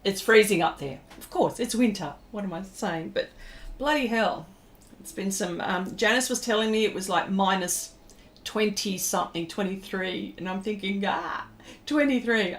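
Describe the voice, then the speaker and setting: A woman's voice: mid-range voice, normal speed. A middle-aged woman with an Australian accent, chatting casually to her live viewers while she draws, rambling and laughing often. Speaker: pastel artist streaming live. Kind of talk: casual livestream chat while drawing.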